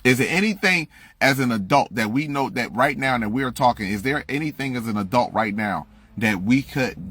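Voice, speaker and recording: A man's voice: fairly low pitch, a bit bright, dry recording. A man ranting on a livestream into a phone, blunt, profane and preachy, repeating himself to press his point. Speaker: livestream host. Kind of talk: heated livestream rant.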